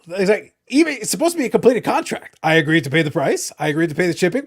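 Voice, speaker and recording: A man from Canada hosting a casual livestream, ranting in animated bursts and cursing freely. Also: sits high, quick pace, slightly rough. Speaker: livestream host. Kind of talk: casual chat.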